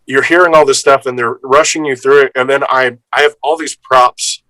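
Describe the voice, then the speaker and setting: Improv guy telling a story, acts out everybody's lines, cusses a bit, crisp bright tone. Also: medium pitch, normal speed, no echo, low-quality recording. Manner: lively storyteller, acts out others' lines, swears casually. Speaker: improv performer guest. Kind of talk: casual anecdote telling.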